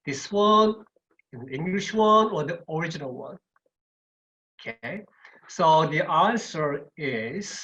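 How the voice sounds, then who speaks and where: Male university lecturer, unhurried webinar delivery, repeats words for emphasis, dull recording. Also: a little high, a bit bright. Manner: repeats words and checks in with "okay".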